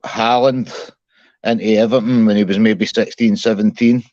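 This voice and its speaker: A man's voice: lowish voice, fairly even intonation, normal speed, a little mellow, dry recording. A man calling in to a livestream, chatting casually and stumbling over his words as he tells a story. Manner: hesitant, repeats words, apologetic. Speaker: caller on a livestream. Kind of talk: casual chat. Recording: dull dry call audio.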